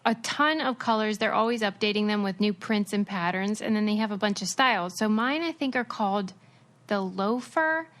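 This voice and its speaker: A young woman co-hosting a podcast, brisk and enthusiastic as she chats and reads a sponsor segment. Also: medium pitch, a bit bright. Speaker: podcast co-host. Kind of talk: casual chat and host-read ad.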